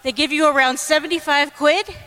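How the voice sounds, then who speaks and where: A woman giving a fast, comic lightning talk on stage, blunt and irreverent. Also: sits high, steady tone, sharp tone. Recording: reverberant hall over a PA.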